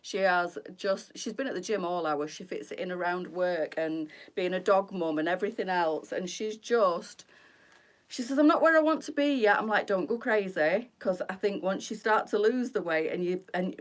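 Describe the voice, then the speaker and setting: A woman's voice: fairly low pitch, moderate pace. A middle-aged woman, hosting a casual live stream and chatting with her viewers, greeting them by name and rambling freely.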